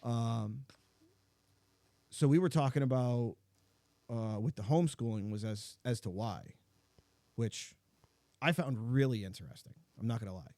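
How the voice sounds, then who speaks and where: Mellow-voiced chatty middle-aged man. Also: medium pitch, a little slow, pauses often, no room sound. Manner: chatty, filler-heavy storytelling with many "like"s. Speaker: podcast host. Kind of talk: casual chat.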